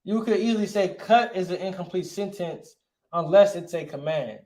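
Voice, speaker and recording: A man's voice: high voice, normal speed, a little mellow, reverberant. A male teacher giving a grammar lesson, asking his class questions and answering them himself, often checking with "right?".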